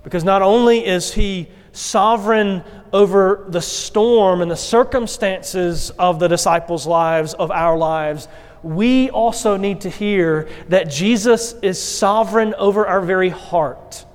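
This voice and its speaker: A pastor delivering a sermon, telling the story with expressive acted quotes. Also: male voice, sits high, measured pace, clean tone. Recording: long hall reverb.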